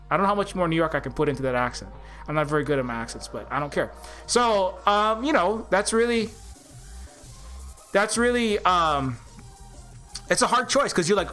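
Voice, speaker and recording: A man's voice: high voice, lively intonation, moderate pace, long pauses, bright, forceful tone, soft background music. A man giving a rambling commentary vlog, with many restarts. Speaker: game developer and commentator.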